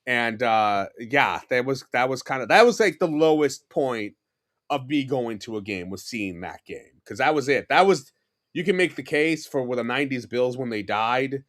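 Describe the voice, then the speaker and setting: This is a podcast guest from New York City, a man in his forties, chatting casually and spinning animated, meandering stories packed with fillers and false starts. He speaks at a normal speed with a medium-pitched voice.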